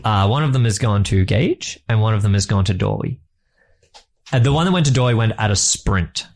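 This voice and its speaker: A man running a tabletop game as game master, describing scenes in a rambling, halting way with fillers. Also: fairly low pitch, expressive, vocal fry, a little mellow.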